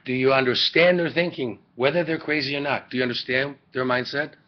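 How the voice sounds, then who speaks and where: Male teacher, lecturing casually with jokes and asides to students; average pitch, muffled lo-fi webcam audio. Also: steady tone, fairly quick. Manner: rambling, joking, rhetorical questions. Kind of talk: classroom lecture.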